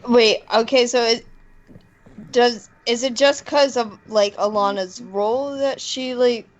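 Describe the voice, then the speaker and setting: A woman's voice: on the high side, measured pace. A woman playing in a tabletop game who asks hesitant questions about the rules. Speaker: player. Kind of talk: casual tabletop game chat. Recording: muffled mic with faint noise.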